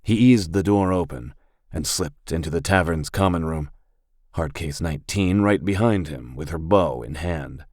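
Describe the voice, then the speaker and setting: A man narrating an audiobook in a steady, even storytelling manner. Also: rumbling low, normal speed, no echo, clean studio sound. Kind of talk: scripted narration.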